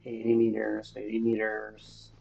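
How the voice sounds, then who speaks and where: A man's voice: fairly low pitch, monotone, a little slow, creaky, mellow, lo-fi sound. A man talking to himself while playing a survival game, grumbling and swearing at what happens on screen. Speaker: gaming streamer. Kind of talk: solo gameplay commentary.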